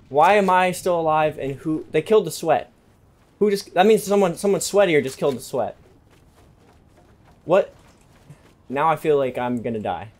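A young man giving excitable live commentary over his own video game match, repeating himself under pressure. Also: a little high. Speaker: gaming youtuber.

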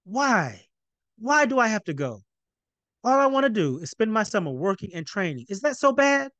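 A man voicing an eager, excitable teenage boy in a read-aloud novel, his delivery pitched up and pleading. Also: fast, no echo, dull audio, lightly acted.

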